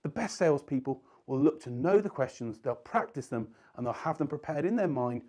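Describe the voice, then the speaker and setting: A man's voice: mid-range voice, mellow, breathy edge. A man teaching sales skills in an earnest coaching tone, leaning on key words for emphasis. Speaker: sales trainer. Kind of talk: instructional talk to camera.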